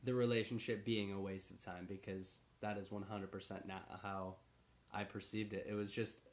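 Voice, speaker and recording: A man co-hosting a podcast in relaxed, rambling casual chat, laughing easily. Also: lowish voice, normal speed. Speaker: podcast co-host.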